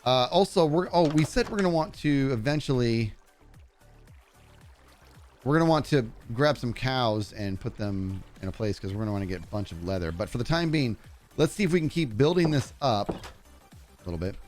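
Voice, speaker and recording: A man streaming a game live, telling excitable stories to his chat and narrating his play, his voice turning growly when he gets loud. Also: mid-range voice, moderate pace, faint music behind. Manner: excitable storyteller, talks to chat while playing.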